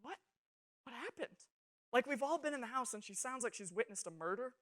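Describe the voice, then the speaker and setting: Speaking a little high and at a quick pace, a young woman addresses students in a youth sermon, poking fun at herself as she tells lively, funny stories.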